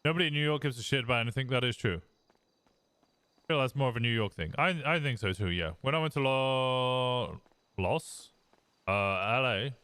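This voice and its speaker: Young English streamer, Midlands accent, smooth and clear, relaxed conversational delivery. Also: male voice, medium pitch, dry recording. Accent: English Midlands, fairly posh. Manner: relaxed, rambling, reads chat aloud and answers. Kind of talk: casual chat with viewers.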